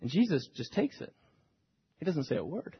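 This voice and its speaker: A man preaching a sermon, retelling a scripture story dramatically and swinging between hushed and loud delivery. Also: a little high, big pitch swings, moderate pace, a little hiss or hum. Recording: dull recording with long hall reverb.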